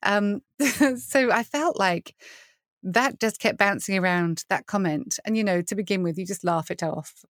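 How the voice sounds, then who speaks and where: In a mid-range voice at a moderate pace, a middle-aged British woman, a worship leader, chats as a podcast guest. The studio-quality recording is dry. She's a lively storyteller who laughs frequently and performs the voices of those she quotes.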